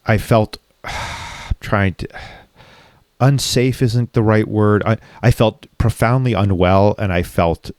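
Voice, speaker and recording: A man with a lowish voice tells a painful personal story in frank, unguarded conversation. He is reflective and swears freely. His voice sits close and dry on the mic, with no room sound. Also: takes it slowly, darkish tone, no room sound. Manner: raw, reflective, frequently profane.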